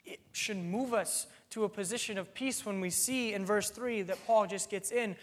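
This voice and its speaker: A man's voice: sits high, moderate pace, long reverb tail. A man preaching a sermon, earnest and explanatory, working through a text with plain everyday examples and an occasional "um".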